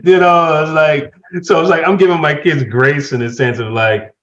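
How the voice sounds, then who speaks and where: A middle-aged man chatting casually as a podcast guest, telling stories with laughter and lively voice swings. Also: fairly high pitch, moderate pace, few pauses. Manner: animated storyteller, laughs while telling stories. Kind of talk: casual chat. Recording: dull lo-fi sound.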